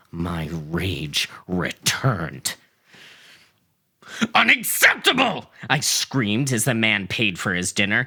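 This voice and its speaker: Guy reading a twisted story out loud, super animated and bright, hams it up. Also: on the low side. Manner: theatrical, swings into shouting for quoted rage. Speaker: narrator. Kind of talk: dramatic first-person story reading.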